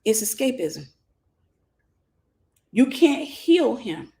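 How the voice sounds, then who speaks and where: A woman minister giving an animated teaching sermon, acting out scenes and speaking straight to her listeners. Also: fairly high pitch, moderate pace. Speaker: minister and mentor.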